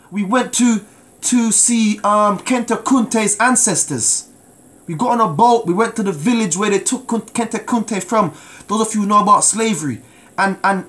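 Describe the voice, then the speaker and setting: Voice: mid-range voice, a bit bright. A preacher giving a sermon with a personal testimony, emphatic and repeating words, often calling out to listeners for an amen.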